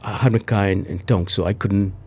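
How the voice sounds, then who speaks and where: A man's voice: low-pitched, steady tone, brisk, a little mellow, husky. An older man with a Trinidadian accent, a retired police inspector recounting events emotionally as a guest, full of local slang and repetition. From Trinidad and Tobago. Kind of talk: emotional interview recollection.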